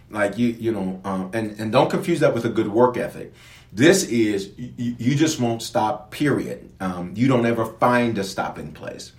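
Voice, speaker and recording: Lively preaching man in an echoey room. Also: mid-range voice. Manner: lively preacher, lists symptoms, acts out everyday scenes. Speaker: bishop. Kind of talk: online sermon teaching on grief.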